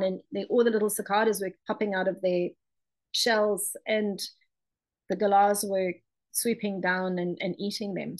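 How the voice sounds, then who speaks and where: A ceramic and mosaic artist gives a chatty presentation talk about her work, full of ums and restarts. Her voice is medium in pitch, and the audio quality is poor.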